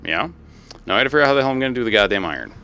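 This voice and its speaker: A man streaming a game, chatting casually with friends while he plays, swearing freely and easily excited. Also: mid-range voice, soft background music. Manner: profane, excitable, quick to swear and laugh. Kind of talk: casual gaming stream chat.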